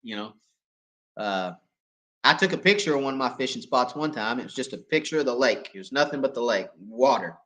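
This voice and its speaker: A man hosting a live fishing Q&A, hoarse and coughing as he loses his voice, talking in a folksy, chatty way and checking in with viewers. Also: mid-range voice, lively intonation, brisk, fairly bright tone. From East Tennessee. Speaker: fishing channel host. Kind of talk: live Q&A chat.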